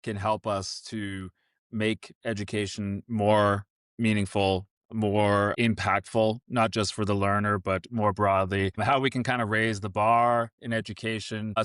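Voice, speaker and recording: A man co-hosts a casual podcast conversation, sounding upbeat and earnest. His lowish voice is clear and resonant with a fairly bright tone, fairly even intonation and a measured pace, recorded in a clean studio with no echo.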